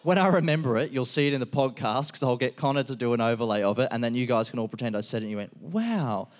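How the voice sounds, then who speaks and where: A man's voice: medium pitch, rapid-fire. A man, hosting a live stand-up show, swearing freely and riffing with the crowd. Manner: profane, animated, riffing with the crowd. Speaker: comedian host. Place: live venue before an audience.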